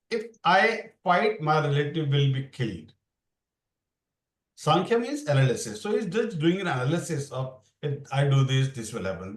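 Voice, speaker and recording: A man teaching a Bhagavad Gita class in a loose, rambling way, often restarting his sentences. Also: on the high side. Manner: rambling, restarts, mixes English with Hindi. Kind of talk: explaining scripture in a casual class. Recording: roomy sound, far from the mic.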